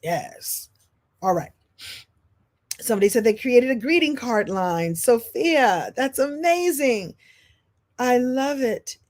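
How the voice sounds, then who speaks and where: A woman giving an animated live-stream coaching talk, repeating phrases for emphasis and swinging from loud and high to soft and low. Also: slow pace, pauses often. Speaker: speaker and business coach.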